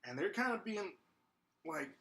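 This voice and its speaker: A man's voice: high-pitched, sing-song, normal speed, bright, forceful tone. A young man from Texas, a podcast co-host, telling a story casually with lots of fillers and restarts. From Texas, USA.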